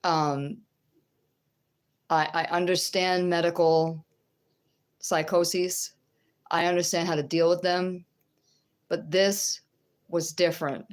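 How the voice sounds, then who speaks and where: Low, slow-speaking woman giving testimony. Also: flat delivery, smooth. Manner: conversational, checks in with the listener; halting, with restarts. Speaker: religious teacher. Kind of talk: religious testimony and teaching.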